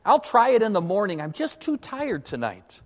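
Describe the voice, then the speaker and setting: A man's voice: high voice, sing-song, moderate pace, in a large hall, pitched above the performer's own voice. A man voicing a meek, gullible donkey. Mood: weary. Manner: polite, apologetic, mild.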